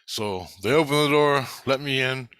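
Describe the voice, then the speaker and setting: A man's voice: medium pitch, normal speed, fairly bright tone, smooth, dry recording. A man rambling through a personal story in the first person, swearing freely and often restarting his sentences. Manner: profane, restless, with frequent restarts and self-corrections. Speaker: vlogger recounting personal spiritual experiences.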